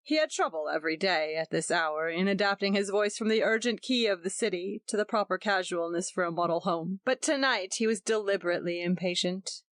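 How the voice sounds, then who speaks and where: A woman giving a measured, even scripted narration of a story. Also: lowish voice, no echo, clean studio sound. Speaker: audiobook narrator.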